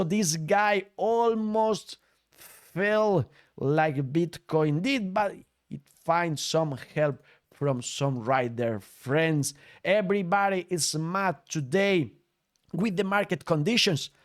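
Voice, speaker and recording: A man hosting a crypto news show, upbeat and jokey, with nonnative phrasing. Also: fairly high pitch. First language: Spanish. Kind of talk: casual news commentary over clips.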